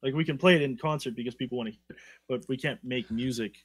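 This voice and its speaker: A man's voice: mid-range voice, fast, husky, dry recording. Casual man co-hosting a podcast, dry sound. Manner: conversational, checks in with "right?". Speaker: podcast co-host.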